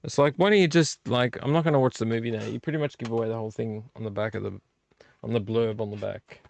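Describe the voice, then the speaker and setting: A man's voice: medium pitch, steady tone, quick pace, gravelly. A middle-aged man hosting a casual late-night vlog from a room at home, rambling and thinking aloud as he looks over discs. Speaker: vlog host.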